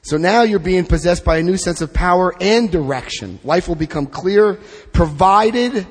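A man's voice: high-pitched, expressive, normal speed, husky, in a large hall. A man leading a twelve-step study group, reading passages aloud and adding blunt, joking asides. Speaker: recovery workshop leader.

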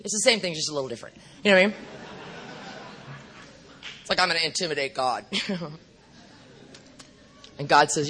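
A middle-aged woman speaking at a recovery meeting, telling her story bluntly and profanely with animated asides. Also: on the low side, quick pace, long pauses, some chatter behind, a little hiss or hum.

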